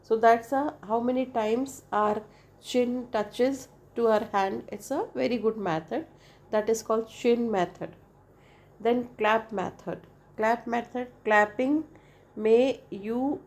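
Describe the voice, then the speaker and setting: Slow, patient woman teaching English. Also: fairly high pitch, darkish tone. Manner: repeats points, spells out vowels one by one; frequent "right?" checks with the listener. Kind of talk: explanatory lesson.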